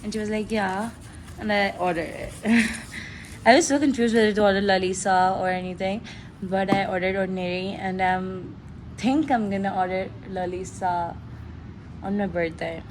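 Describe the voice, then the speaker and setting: A woman's voice: medium pitch, normal speed, slight background noise. A teenage girl, chatting casually and gushing through an unboxing, often giggling. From Pakistan. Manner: gushing, giggly, excitable fan talk. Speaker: vlogger.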